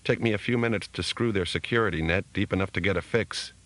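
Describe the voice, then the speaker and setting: A man voicing a dead hacker's recorded mind, brisk, cheerful and blunt. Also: deep voice, fairly bright tone. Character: brash male hacker ghost in a computer.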